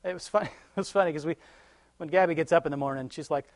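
Man, lay preacher, higher pitch, dry close sound, casual devotional talk, homely stories, frequent chuckles. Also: expressive, quick pace, no room sound. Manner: conversational, chuckles often, homely anecdotes.

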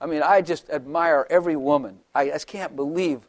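A man's voice: on the high side, fairly quick, no echo. Chuckling older man preaching. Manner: chatty, jokey, laughs often, acts out voices. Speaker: pastor. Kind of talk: humorous sermon.

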